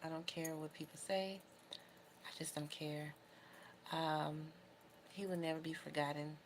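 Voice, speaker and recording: A young adult woman speaks casually to camera in a low voice with a gravelly edge. She talks in an emotional, heartfelt, rambling way. A faint background noise sits under the recording. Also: fairly even intonation, unhurried. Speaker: beauty vlogger.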